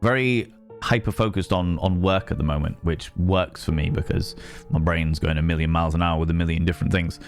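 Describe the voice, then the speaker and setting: This man's voice sits low with fairly even intonation and moves a little fast, faint music behind him. A streamer who also does voice work, he chats casually on a livestream, cursing a lot, repeating phrases for emphasis and restarting sentences partway.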